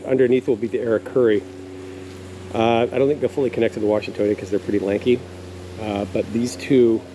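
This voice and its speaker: With a lowish, warm voice, a man wanders through his backyard garden outdoors, narrating a casual, rambling tour punctuated by frequent fillers. The recording is low quality, with faint insect noise.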